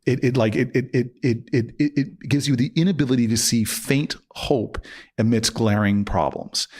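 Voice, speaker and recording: A man's voice: medium pitch, moderate pace, a little mellow. A man in his forties telling a personal story in a casual interview, acting out both sides of the argument. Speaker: podcast guest.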